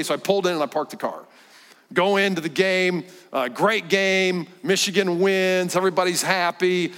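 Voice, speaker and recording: Middle-aged guy preaching, storytelling, gets real quiet sometimes, highish voice, big church echo. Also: moderate pace. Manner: animated storytelling, drops to hushed tones. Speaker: guest preacher. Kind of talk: storytelling sermon. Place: church sanctuary. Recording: church hall with long reverb.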